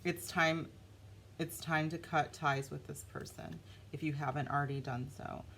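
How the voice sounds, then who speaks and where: A woman giving a casual, animated tarot reading, talking straight to her viewers. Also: low voice, moderate pace, gravelly, slight background noise. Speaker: tarot reader.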